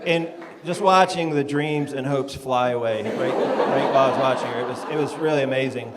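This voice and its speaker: A man's voice: mid-range voice, a little fast. Self-deprecating male stand-up comic. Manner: self-deprecating, laid-back with frequent ums. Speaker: stand-up comedian. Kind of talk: stand-up comedy set. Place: comedy club stage. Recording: live club recording with long reverb and noise.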